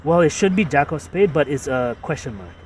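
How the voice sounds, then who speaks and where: A man casually explaining his own ads in a halting, repetitive way, full of fillers and restarts. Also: on the high side, animated, recorded from a distance, a little hiss or hum.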